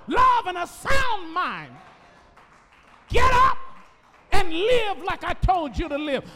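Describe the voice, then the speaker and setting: A preacher shouting as a stern scolding God. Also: male voice, very high-pitched, long reverb tail, pitched above the performer's own voice, exaggerated voice. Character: stern booming male God, lecturing.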